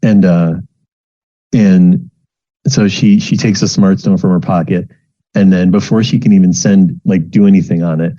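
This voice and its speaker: A man's voice: low-pitched, steady tone, normal speed, warm tone. A man narrating as dungeon master, rambling with lots of fillers and restarts. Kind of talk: narrating a tabletop game. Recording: muffled lo-fi home recording.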